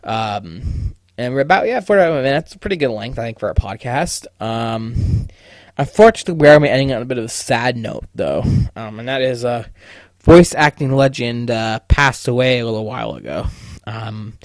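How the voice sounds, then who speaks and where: A man's voice: medium pitch, lively intonation, moderate pace, no echo. A young man hosting a podcast, ranting casually with heavy swearing and stammered restarts. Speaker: podcast host. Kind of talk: casual solo podcast rant.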